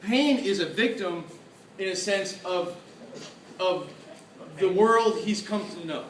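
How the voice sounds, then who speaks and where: A man giving a lively convention panel talk, excitable, laughing often and acting out his own reactions. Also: high-pitched, slow pace, a little hiss or hum. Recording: echoey room, from far off.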